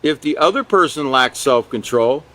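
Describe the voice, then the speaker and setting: A man's voice: mid-range voice, lively intonation, normal speed, bright, forceful tone. A man teaching a character education class in a conversational lecture style, often checking in with "you know" and "okay" and chuckling along the way.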